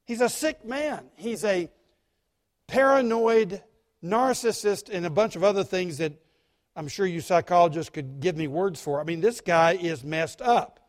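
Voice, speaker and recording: A male pastor preaching a sermon, emphatic and dramatic, dropping to quiet asides between stressed points. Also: high voice, unhurried.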